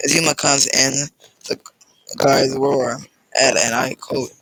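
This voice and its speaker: Casual reader: a man, very gravelly, husky, reads a fan story haltingly. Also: medium pitch, level tone, fairly bright tone, dry recording, rough recording. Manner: halting, with fillers and restarts. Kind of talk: casual fan-fiction reading.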